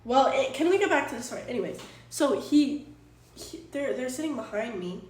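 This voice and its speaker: A woman's voice: a little high, lively intonation, fairly quick. Exasperated streamer woman, echoey and distant. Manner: exasperated, rambling, swears freely. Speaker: Twitch streamer. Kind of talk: casual chat stream. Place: apartment room. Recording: echoey room, distant from mic.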